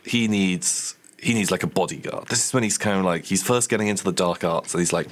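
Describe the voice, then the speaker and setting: A man's voice: deep voice, fairly quick, few pauses. A man co-hosting a gaming video, rambling through a made-up story with lots of fillers. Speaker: let's play co-host. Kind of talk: casual gaming chat.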